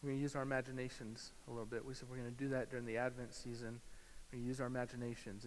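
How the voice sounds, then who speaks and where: A male pastor preaching a sermon, swinging from loud emphasis to hushed, slow guided imagery. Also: mid-range voice. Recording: hall reverb with faint hiss.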